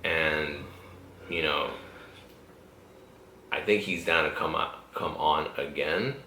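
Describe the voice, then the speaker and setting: In an echoey room, a young male podcast host keeps things loose, swearing a lot and laughing often in relaxed conversation. He speaks slowly in an extremely low, sharp-toned voice, with a slight hiss or hum on the recording.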